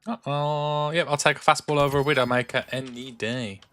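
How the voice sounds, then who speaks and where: Fairly quick and fairly even in intonation, his mid-range voice comes across bright and forceful, with faint music in the background. A young Black Country man with an English accent, he streams a game from home, rambling casually with filler and repeated restarts.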